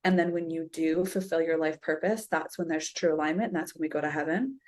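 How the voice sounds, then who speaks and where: A woman's voice: deep voice, steady tone, a little fast, darkish tone, no room sound. A woman from Canada, a podcast guest, talking in an earnest, emphatic way in casual chat.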